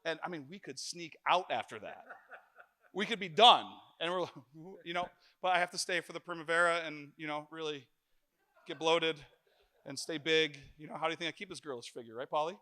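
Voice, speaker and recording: A middle-aged man preaching a sermon in church, telling stories with jokes and lively animation. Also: a little high, fairly quick. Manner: animated, joking storyteller.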